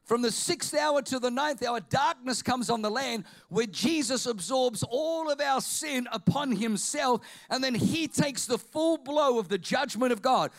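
A man preaching a fervent sermon as pastor, swinging between shouted declarations and quiet asides. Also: very high-pitched, unhurried, few pauses.

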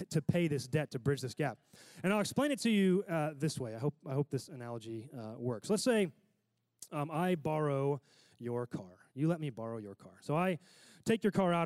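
A man's voice: a little high, darkish tone, no room sound. A man preaching a sermon in a casual, conversational way, often checking in with his listeners.

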